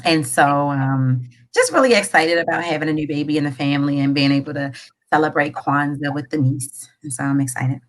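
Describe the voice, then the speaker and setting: Animated woman podcast co-host. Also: sits low, a little fast, poor audio. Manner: animated storyteller, voices quoted characters. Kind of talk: casual podcast chat and joke telling.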